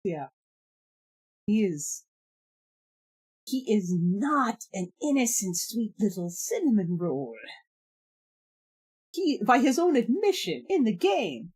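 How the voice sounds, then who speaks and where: A woman talks to her stream in a relaxed, rambling way, her voice sitting at a middle pitch. She fills gaps with "like" and "um" and breaks into laughter often. It sounds like an unscripted live chat. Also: slow, pauses often, breathy edge.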